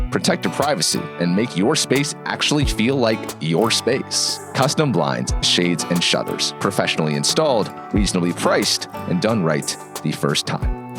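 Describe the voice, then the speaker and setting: A man hosting a local podcast, reacting briefly and reading a sponsor spot in a relaxed way. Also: deep voice. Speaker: podcast host. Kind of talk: interview and read ad.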